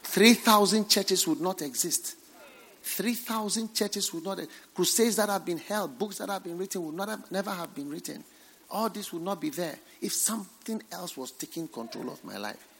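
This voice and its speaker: A man preaching a sermon, swinging from hushed, near-whispered lines to loud, emphatic exhortation. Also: high-pitched, moderate pace, vocal fry, slightly rough, long reverb tail.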